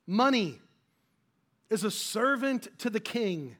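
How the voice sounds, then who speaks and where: A man's voice: high voice, measured pace. A man pastor giving a conversational sermon, with frequent restarts and fillers.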